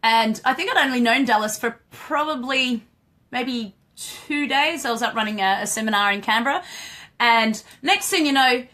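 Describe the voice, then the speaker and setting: Bright, chatty woman trainer. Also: fairly high pitch, moderate pace. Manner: chatty, laughs often, greets viewers by name. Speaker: dog trainer hosting a live Q&A. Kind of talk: casual live-stream chat.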